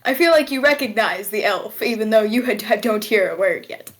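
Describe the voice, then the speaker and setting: A woman's voice: medium pitch, lively intonation, fairly quick, a little hiss or hum. A woman narrating as game master of a tabletop game, laughing often and swearing casually.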